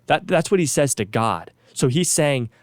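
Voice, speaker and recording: A man's voice: mid-range voice, sing-song, normal speed, no room sound, clean studio sound. A man who is a pastor and co-host, talking through a Bible story in an earnest, casual sermon-like way, often restarting and repeating words. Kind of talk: casual faith talk, sermon-like retelling.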